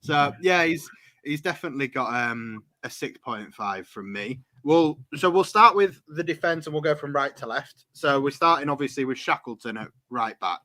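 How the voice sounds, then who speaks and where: A man's voice: on the high side, lively intonation, normal speed, pushed and bright. A man hosting a casual football chat on a call, swearing freely and laughing often. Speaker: host.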